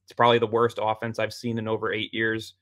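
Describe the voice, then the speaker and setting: Brief: male podcast guest, blunt and opinionated, flat delivery. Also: on the low side, fast talker, dry recording. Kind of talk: casual debate chat.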